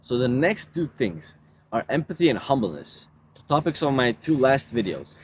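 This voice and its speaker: A man's voice: medium pitch, very animated, moderate pace, a little hiss or hum. A man giving casual self-help advice in a laid-back way, calling the listener bro.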